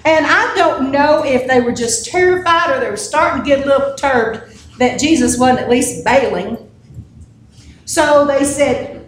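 Woman preacher, high voice, unhurried conversational sermon, echoey room. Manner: conversational storytelling with humorous asides. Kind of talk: casual sermon. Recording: echoey room with faint noise.

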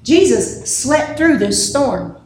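Woman preacher, high voice, unhurried conversational sermon, echoey room. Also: big pitch swings. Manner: conversational storytelling with humorous asides. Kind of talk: casual sermon. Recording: echoey room with faint noise.

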